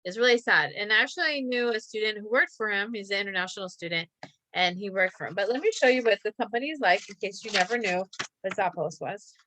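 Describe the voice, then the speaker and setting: A woman's voice: mid-range voice, fast talker, pushed and bright, no room sound. A woman teacher reading practice sentences aloud and calling out each comma, with chatty asides. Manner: chatty asides about a company.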